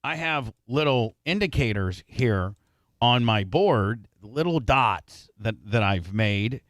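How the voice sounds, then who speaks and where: A man's voice: mid-range voice, animated, fairly bright tone, dry recording. A male radio host in a studio, talking casually and fussily on air about his microphone, stopping and restarting often. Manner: fussy, restless, halting with many restarts. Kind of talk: casual on-air chat about mic levels.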